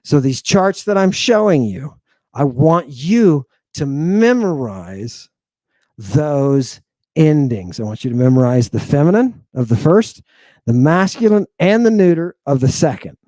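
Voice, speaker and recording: Man, greek grammar lesson, blunt and animated, slightly high voice, dry close sound. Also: a little slow, no echo. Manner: animated, blunt, talks to viewers and a helper. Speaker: Greek language teacher. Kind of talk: casual lecture over slides.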